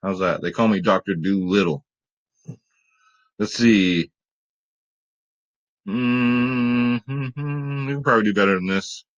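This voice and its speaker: A man's voice: on the low side, slow, pauses often, highs cut off. A young adult man hosting a fantasy sports picks video, chatting casually and joking with his cat. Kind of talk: casual chat.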